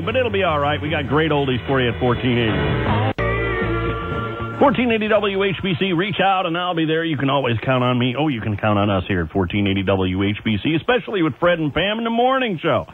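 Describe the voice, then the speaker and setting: A man's voice: medium pitch, lively intonation, fast. A man working as an overnight radio DJ, chatting in a folksy way with chuckles and asides between oldies. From Ohio. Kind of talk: casual on-air oldies patter. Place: radio studio. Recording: tinny AM radio aircheck with faint music.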